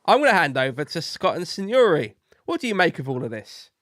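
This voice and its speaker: A man's voice: a little high, big pitch swings, brisk, fairly bright tone, dry recording, studio quality. A man hosting a podcast, explaining a point and then handing over to his co-hosts. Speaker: podcast host. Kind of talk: casual chat.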